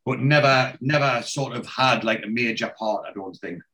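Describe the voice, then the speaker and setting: A man hosts a podcast and walks through a TV episode scene by scene in a loose, rambling way. He keeps circling back with "you know" and self-corrections. His voice is mid-pitched and ordinary. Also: normal speed, bright, forceful tone. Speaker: podcast host. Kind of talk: casual TV episode recap.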